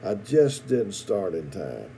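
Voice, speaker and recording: An earnest little boy insists he did his best, in a homely drawl, as a preacher acts him out. The tone is mellow and warm, not at all childish in pitch. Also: sing-song, slow pace, gravelly, slight background noise, full character voice. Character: young boy who missed his train, earnest.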